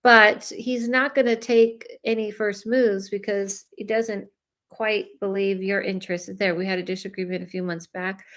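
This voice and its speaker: A woman, chatting through a live psychic reading with lots of fillers, speaking straight to the people she reads for. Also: medium pitch. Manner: chatty, many fillers, talks straight to viewers. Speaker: psychic medium. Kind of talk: live reading, casual chat.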